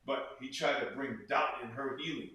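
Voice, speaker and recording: Heard from far off in an echoey room, this man talks earnestly as an interview guest in a casual conversation. His medium-pitched voice has a sharp tone, fairly even intonation and a moderate pace, and he repeats phrases and acts out quotes.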